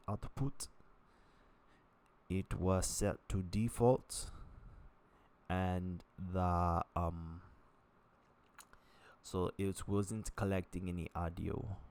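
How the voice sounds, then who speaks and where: A man vlogging casually to camera, halting and rambling with lots of fillers and restarts. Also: low voice, darkish tone.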